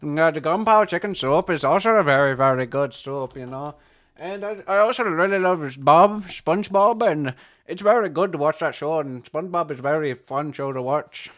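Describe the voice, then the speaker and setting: A man's voice: fairly high pitch, moderate pace, fairly bright tone, close to an everyday voice. A man putting on a cheerful, chatty character with an Indian accent. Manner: friendly, enthusiastic.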